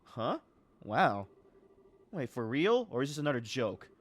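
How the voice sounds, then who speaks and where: A man's voice: medium pitch, sing-song. Man voicing a spirited young fighter girl. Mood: surprised. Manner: blunt, quick to doubt. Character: cheerful young woman, spirited guild fighter. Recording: faint game music behind.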